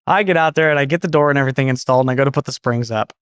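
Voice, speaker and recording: A man's voice: a little high, animated, fast, few pauses, fairly bright tone, no room sound, clean studio sound. A man in his thirties from Portland, Oregon, a guest on an interview show, telling stories casually, rambling and correcting himself as he goes. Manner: rambling, self-correcting, acts out quoted dialogue. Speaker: guest, garage door business owner.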